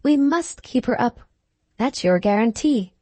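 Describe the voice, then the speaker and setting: A woman reading the part of a poised, shrewd upper-class Victorian hostess, with measured, drawn-out phrasing. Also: on the high side, expressive, a little mellow, dry recording. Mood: knowing.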